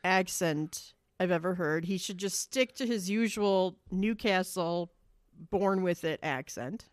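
A woman's voice: fairly low pitch, a little slow, no room sound. Blunt, dry-humored woman co-host. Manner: dry, blunt opinions with verbal shrugs. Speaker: podcast co-host. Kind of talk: casual chat.

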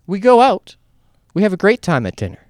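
A Canadian man in his late twenties, co-hosting a podcast and telling comedic stories in a casual, animated way. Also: sits high, a little fast, no room sound, studio quality. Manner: animated, acts out quoted voices. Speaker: podcast co-host.

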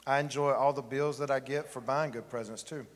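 A man's voice: mid-range voice, steady tone, fairly quick, big-room sound. A man pastor giving a sermon in a church, joking and chatting with the congregation. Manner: joking, conversational preaching with the congregation. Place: church sanctuary.

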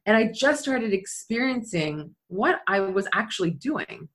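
A woman's voice: medium pitch, moderate pace, hardly any pauses, fairly bright tone. A middle-aged woman, a skydiving athlete and leadership speaker, telling a personal story in conversation and acting out quotes.

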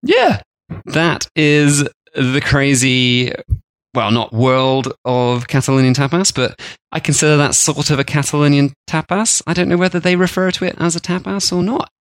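A man's voice: fairly high pitch, moderate pace, no room sound. A man co-hosting a food podcast, chatting casually and jokily, often slipping into silly voices for imagined people. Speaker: podcast co-host.

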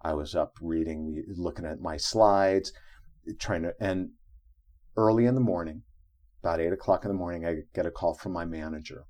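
Man, deep voice, middle-aged, storytelling guest, acts out quotes. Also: moderate pace. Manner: animated, acts out quotes from his own story. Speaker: interview guest. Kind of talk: storytelling in a conversation.

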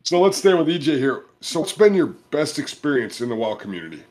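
A man hosting a podcast in casual chat, laid-back and quick to laugh. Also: a little high, very animated, a little mellow. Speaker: podcast host.

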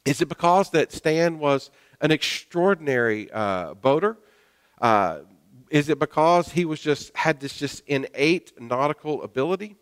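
A male pastor telling a personal story in a sermon, folksy and self-deprecating, with many hesitant pauses, speaking in a church sanctuary. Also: fairly high pitch, expressive, smooth. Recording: long hall reverb.

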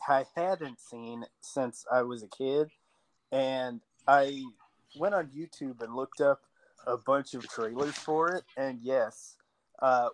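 A man talks through his thoughts on a film in a loose, rambling way, filling gaps with "like". His pitch is ordinary. A faint hiss and some clicks sit under his voice. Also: fairly bright tone. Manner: rambling, lots of "like". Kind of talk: casual movie chat.

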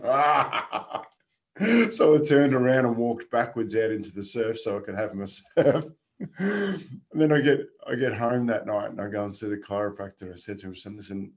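A man, a guest casually telling a story and laughing through it. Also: on the low side. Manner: animated, laughs through his stories.

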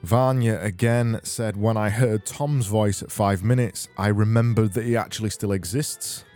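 Casting note: dry-witted male podcast host, mellow low voice, rambling deadpan delivery, faint music under. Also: normal speed. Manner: deadpan, rambling sarcastic humor. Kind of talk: casual solo podcast, reading listener messages.

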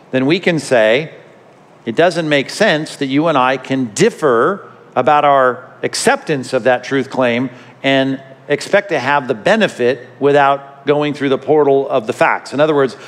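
A man preaching a sermon as a pastor, emphatic and repeating his key phrases. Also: medium pitch. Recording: hall reverb.

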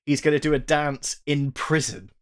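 A man's voice: on the high side, normal speed. A man co-hosting a podcast, recounting scenes in a rambling, chatty way. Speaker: podcast co-host. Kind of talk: casual chat.

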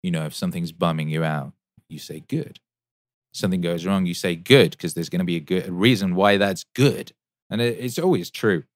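A man in his thirties talks through a casual livestream Q&A in a lowish voice, rambling and swearing freely with plenty of fillers. He sounds enthusiastic, and the sound is dry and close, with no room echo. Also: a little fast. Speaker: musician and show host answering chat.

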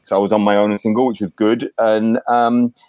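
A man's voice: lowish voice, little pitch movement, brisk, darkish tone, dry recording. A man, a guest on a podcast, talking casually and candidly, swearing freely and often repeating words as he starts a thought. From Yorkshire, England. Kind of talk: casual chat.

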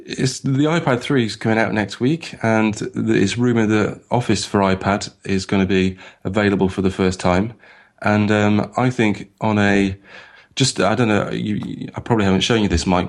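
A man's voice: on the low side, fairly even intonation, moderate pace. A man co-hosting a podcast in a casual, rambling, self-mocking way, with many fillers and restarts. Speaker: podcast co-host.

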